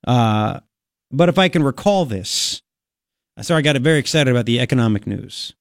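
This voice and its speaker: Excitable man hosting talk radio. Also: medium pitch, moderate pace, dry recording, studio quality. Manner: excitable, exclaiming, rambling. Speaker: radio talk show host. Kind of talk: animated talk radio banter.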